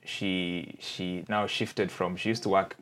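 Low-voiced man telling his story. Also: little pitch movement, a bit bright, a little hiss or hum. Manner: reflective, halting, often checks in with "right?". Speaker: podcast guest. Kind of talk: candid personal storytelling.

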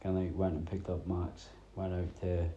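A man's voice: sits low, level tone, normal speed, dark tone, echoey room, highs cut off, a little hiss or hum. A man in his thirties from north-east Scotland who drops his T sounds, rambling through a casual solo podcast chat as host. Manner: rambling, chatty storytelling with many fillers.

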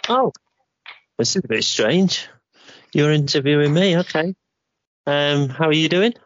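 A man's voice: fairly high pitch, animated, unhurried, a bit bright, dull audio, a little hiss or hum. A man, a podcast regular, answering questions in a bemused, easygoing way. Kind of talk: casual interview.

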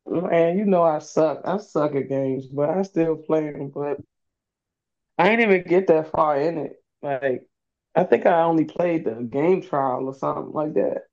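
A woman's voice: sits low, a little mellow. Woman, podcast guest, casual chat, easygoing, slangy, somewhat muffled sound. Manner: easygoing, slangy, quick to laugh.

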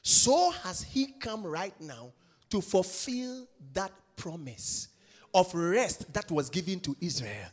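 A man preaching a sermon with emphatic repetition, swinging from loud shouts down to hushed whispers. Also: sits high, big pitch swings, slow, in a large hall.

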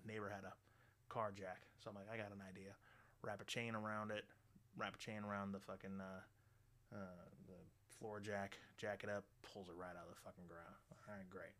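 A middle-aged man hosting a radio show, ranting bluntly and swearing constantly, loud and animated. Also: lowish voice, moderate pace. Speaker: radio host. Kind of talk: profane ranting monologue.

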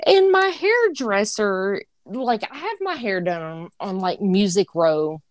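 A woman's voice: mid-range voice, very animated, slow, dry recording, clean studio sound. A woman co-hosting a horror podcast, telling stories in a brash, profane, laughing way. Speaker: podcast co-host. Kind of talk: casual chat.

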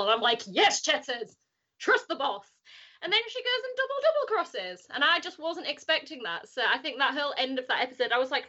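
High, bright woman, animated. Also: moderate pace. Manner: animated, laughing, swearing, acting out quotes. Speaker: podcast panelist. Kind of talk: casual chat. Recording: dull lo-fi audio.

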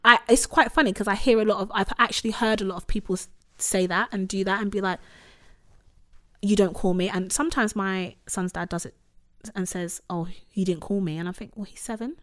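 A woman's voice: medium pitch, quick pace, few pauses. A woman in her thirties, casually and candidly telling a personal story with lots of "like" and "you know". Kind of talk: casual conversation.

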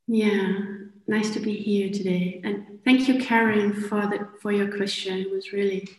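A woman caller speaking gently and earnestly on a video call. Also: mid-range voice, steady tone, measured pace. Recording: echoey room sound.

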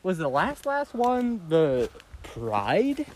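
Wry young man, lively high voice. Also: extremely slow, slight background noise. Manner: dry quips, short agreeing replies. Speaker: podcast co-host. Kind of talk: casual chat while hiking. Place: outdoor woodland trail.

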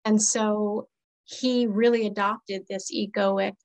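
Woman therapist guest, reflective, middle pitch, slight vocal fry. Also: normal speed, poor audio. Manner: earnest, reflective, quotes clients in lively voices. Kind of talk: casual podcast conversation.

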